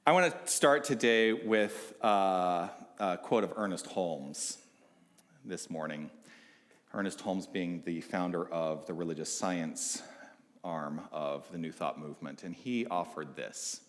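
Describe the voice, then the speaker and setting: A man preaching a sermon in a casual, chatty way, laughing at himself, stammering now and then and clearing his throat, slightly short of breath from hay fever. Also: deep voice, a little slow, long reverb tail. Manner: chatty and self-deprecating, laughs often. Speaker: minister. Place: church sanctuary.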